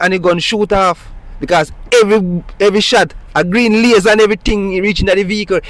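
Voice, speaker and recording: A citizen with a Jamaican accent tells of being pulled over by police, his agitated monologue driven by emphatic rhetorical questions. He has a high-pitched, fairly bright voice, recorded with no echo.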